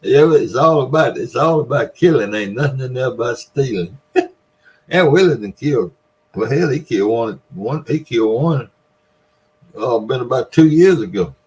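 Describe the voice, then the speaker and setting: A man's voice: mid-range voice, lively intonation, moderate pace, darkish tone, poor audio. A man telling a folksy story in casual talk, laughing often as he spins his yarn. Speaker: storyteller, former store owner.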